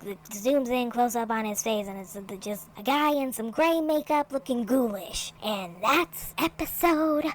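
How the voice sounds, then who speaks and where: A woman's voice: a little high, moderate pace, few pauses, a little mellow, a little hiss or hum. A woman host chatting through a recap of a reality show episode, full of "like" and exasperated asides. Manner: chatty, filler-heavy with constant "like"; exasperated, judgmental commentary. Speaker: reaction channel host. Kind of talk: casual episode recap and reaction.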